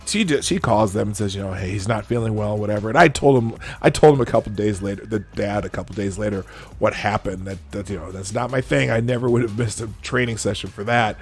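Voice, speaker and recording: A man hosting a live show, telling a rambling story in a casual, animated way with lots of restarts. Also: fairly low pitch, quick pace, soft background music. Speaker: show host.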